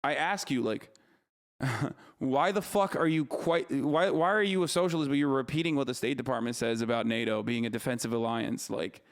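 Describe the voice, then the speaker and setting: A man's voice: mid-range voice, moderate pace. A man in his thirties ranting profanely and mockingly as a livestream streamer reacting to content.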